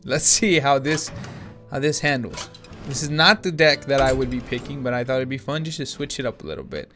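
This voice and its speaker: A tired-sounding man talks through a card game as he plays, rambling and restarting his sentences. His voice sits at an ordinary middle pitch. Faint guitar music plays quietly under his talk. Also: expressive, brisk. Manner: rambling, thinking aloud with many restarts. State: yawning, tired. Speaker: gaming channel host. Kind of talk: casual gameplay commentary.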